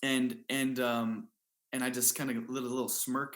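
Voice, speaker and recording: A man's voice: mid-range voice, little pitch movement, normal speed, a bit bright. Earnest man telling a story in a roomy space. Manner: earnest, repeats himself, lots of fillers. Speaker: guest athlete. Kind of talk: casual storytelling. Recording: roomy echo.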